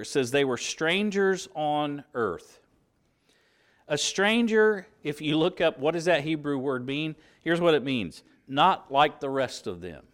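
Male preacher, southern Indiana roots, animated pitch, conversational sermon delivery. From southern Indiana, USA. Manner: earnest, conversational preaching with fillers and restarts.

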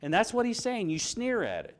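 A man's voice: sits high, wildly swooping pitch, a little fast. A middle-aged man preaching a sermon, reading scripture aloud and asking his congregation questions.

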